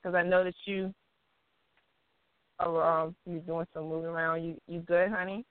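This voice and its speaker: Over a dry, tinny phone line, a radio talk show host runs a casual call-in chat, playful and full of fillers and frequent giggles. Her voice is fairly low with little pitch movement, her pace is moderate, and a faint hiss or hum sits underneath.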